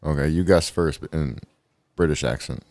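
Deep-voiced wisecracking podcast co-host man. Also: moderate pace, darkish tone, no echo, clean studio sound. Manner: wisecracking, profane. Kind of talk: casual comedic chat.

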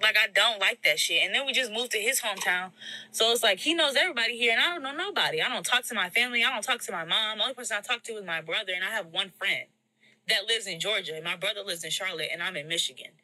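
A woman's voice: mid-range voice, quick pace, sharp tone, no echo, low-quality recording. A young woman telling a casual storytime vent about her boyfriend, blunt and swearing, acting out the people she quotes. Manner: blunt, swearing, exasperated retelling with quoted voices.

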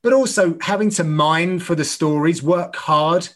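Man, middle-aged, fight commentator, earnest, voice a bit high. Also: a little slow. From United Kingdom. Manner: animated, earnest, restarts phrases. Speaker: MMA commentator and guest. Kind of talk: podcast interview, storytelling.

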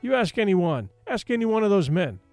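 A man's voice: high voice, very animated, brisk, darkish tone, no echo, faint music behind, voice pushed up. A man voicing a harsh, sneering young man who drives dogs with a whip, with a curt, short-tempered manner. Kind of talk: audiobook character voice.

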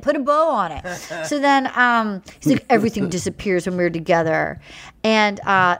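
A woman hosting a podcast, animatedly recapping a show with swearing and acted-out quotes. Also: on the high side. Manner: animated, profane, acts out quotes. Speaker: podcast host. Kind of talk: casual chat recapping a show.

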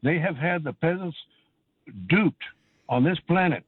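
A man calling in to a radio show, ranting indignantly with hesitant pauses. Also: fairly high pitch, breathy edge, dry recording. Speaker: caller. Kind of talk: angry call-in rant. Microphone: telephone. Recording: tinny phone line.

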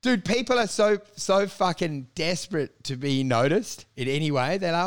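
An animated man in casual comedy banter, pitched a touch high. He swears freely and keeps slipping into mocking put-on voices. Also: moderate pace, smooth. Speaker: comedian, podcast co-host.

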